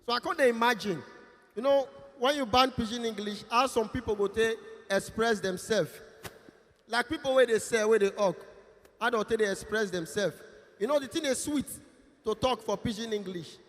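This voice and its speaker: A Nigerian man emceeing an awards event, joking and loudly announcing guests. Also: very high-pitched, moderate pace. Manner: lively, joking, loud announcing. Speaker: master of ceremonies. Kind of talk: event emceeing with comic pidgin banter. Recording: long hall reverb.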